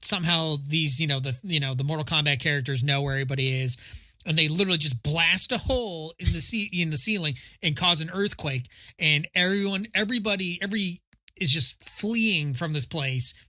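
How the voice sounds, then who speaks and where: A man's voice: a little high, brisk, bright, forceful tone, no room sound. A man co-hosting a casual film podcast, joking and mocking, slipping into silly quoted voices. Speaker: podcast co-host. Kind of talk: casual chat about a film.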